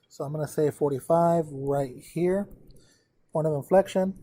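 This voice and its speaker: A man teaching a math class, his voice sitting a little higher than most men's. He works through the problem out loud, counting numbers and checking in with the students as he goes. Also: unhurried. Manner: talks to students directly, counts out loud, thinks aloud. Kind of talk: lesson working through a problem aloud.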